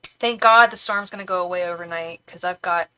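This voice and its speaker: A woman's voice: lowish voice, a little fast, bright, forceful tone, clean tone, rough recording. A young woman from California giving a tarot reading on a live stream, chatty and rambling with many restarts. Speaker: tarot reader.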